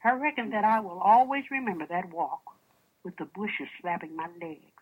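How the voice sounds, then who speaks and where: Husky-voiced woman preacher telling stories. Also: mid-range voice, moderate pace, narrow, tinny audio. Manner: animated, with rhetorical questions to the congregation; reads old first-person accounts aloud in a storytelling voice. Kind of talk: sermon with storytelling.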